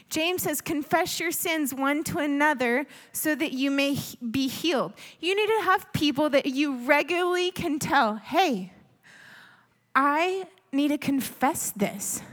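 A woman preaching a sermon, earnest and pleading, sometimes dropping to a hush. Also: high voice. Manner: earnest, pleading, with soft hushed asides.

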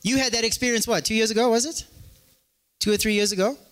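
Man, pastor, high voice, lively, echoey church hall. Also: fast. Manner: animated, joking, acts out dialogues. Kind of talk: sermon.

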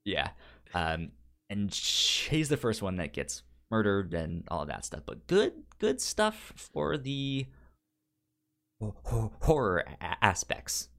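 A man's voice: lowish voice, sing-song, takes it slowly, fairly bright tone. A man co-hosting a podcast in casual chat about a show, stammering over word starts and bursting into laughter as he retells scenes. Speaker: podcast co-host.

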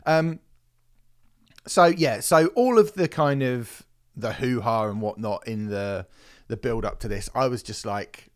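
A man's voice: mid-range voice, measured pace. A man hosting a podcast, chatting casually and animatedly, swearing and mocking critics in quoted voices. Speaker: podcast host.

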